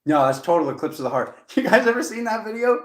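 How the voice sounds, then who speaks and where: A man's voice: high voice, big pitch swings, fast talker, fairly bright tone. A man giving a casual, chatty tarot reading to camera. He rambles playfully, with jokey asides and laughter. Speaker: tarot reader. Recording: echoey room.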